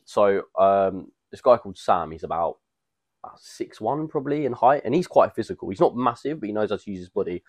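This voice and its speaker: Low-voiced young man chatting. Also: lively intonation, a little fast, a little mellow, no echo. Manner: rambling storytelling with fillers and slang. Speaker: podcast co-host. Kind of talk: casual chat.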